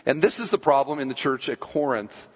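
A man's voice: medium pitch, expressive. Man preaching a sermon in a reverberant church. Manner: emphatic preaching, slowing down for key phrases. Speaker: pastor.

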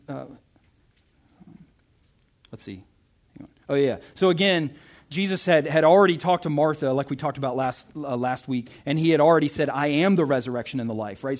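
A young man giving a casual, conversational sermon, reading scripture and often checking in with "right?". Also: fairly high pitch. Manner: chatty, self-interrupting, often asks "right?". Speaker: pastor.

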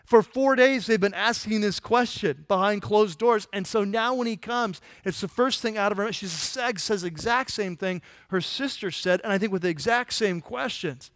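A man with a high-pitched voice preaching a sermon in a conversational way. He asks his listeners rhetorical questions and turns soft and quiet in tender moments. The recording is dry, with little room sound. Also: moderate pace, hardly any pauses, no room sound. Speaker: pastor.

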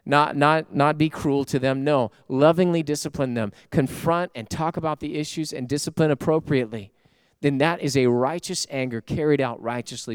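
A man preaches a sermon as a pastor to listeners at home, swinging emphatically between loud bursts and soft, quiet stretches. His voice is a little high, and the sound is clean studio audio with no room sound.

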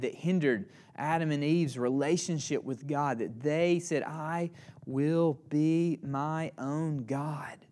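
A man preaching a sermon in a somewhat high voice, earnest and emphatic. He slows on the lines he wants to land and drops nearly to a whisper for quiet asides. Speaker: pastor.

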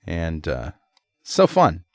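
A man's voice: deep voice, wildly swooping pitch, slow, gravelly, a little mellow, no echo, clean studio sound. A man co-hosting a tech podcast in casual chat, counting down a list with upbeat energy. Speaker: co-host.

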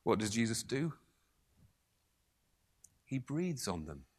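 A man preaching a sermon, moving between raised emphasis and hushed, almost whispered passages. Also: mid-range voice, very animated, slow, slightly rough.

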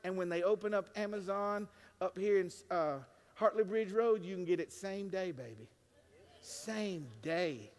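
A man preaching a sermon as pastor, swinging between hushed and loud lines with joking asides. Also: high-pitched, expressive, moderate pace. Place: church sanctuary. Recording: long reverb of a large church.

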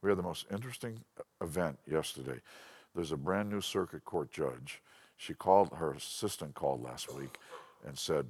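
A man giving a sermon-style Bible lesson, animated and storytelling, often restarting his sentences. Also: a bass voice, normal speed, husky. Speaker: Bible teacher.

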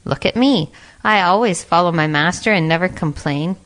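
A woman's voice: lowish voice, normal speed, fairly bright tone, natural voice. Woman doing a sheep, meek, complaining, storybook.

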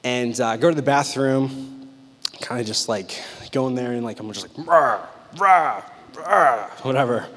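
A young man preaching a sermon, telling personal stories with intense, animated delivery that swings between loud and hushed. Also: medium pitch, moderate pace. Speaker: pastor. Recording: long hall reverb.

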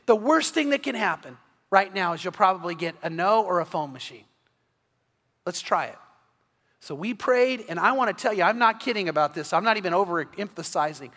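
Man, pastor, earnest preaching, high voice, long church reverb. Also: animated, fairly quick, sharp tone. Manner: earnest storytelling preacher with frequent restarts. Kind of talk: sermon. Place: church sanctuary.

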